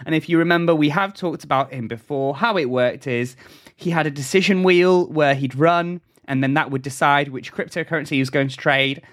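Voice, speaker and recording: A man's voice: on the high side, brisk, a bit bright. A man co-hosting a casual news podcast, reading stories and often breaking into giggles. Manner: keeps breaking into laughter. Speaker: podcast co-host.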